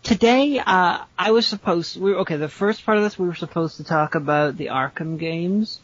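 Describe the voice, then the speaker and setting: A man's voice: sits high, moderate pace, fairly bright tone, no echo. A man chatting casually on a podcast, blunt and candid, swearing offhandedly. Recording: muffled lo-fi podcast audio.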